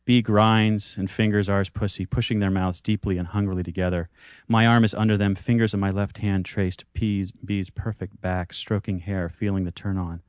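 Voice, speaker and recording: A man with a very low voice reads his own intimate story aloud, measured and unhurried in delivery. The sound is close and dry, with no room around it. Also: flat delivery, darkish tone, no echo. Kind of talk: reading a first-person story aloud.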